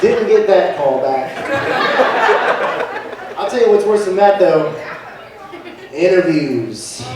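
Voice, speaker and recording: A young man with a high voice works a live crowd through a loose, profane, self-mocking stand-up set. He is heard from far off in an echoey room, with audience laughter around him. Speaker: stand-up comedian. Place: comedy venue in front of a live audience. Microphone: handheld microphone. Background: audience laughter and heckling.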